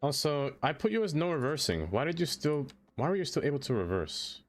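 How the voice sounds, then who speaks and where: A man streaming a game, chatting casually, talking to what he builds and answering chat, quick to exclaim in dismay when things go wrong. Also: a little high, big pitch swings, faint music behind. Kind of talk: casual live-stream chatter while playing.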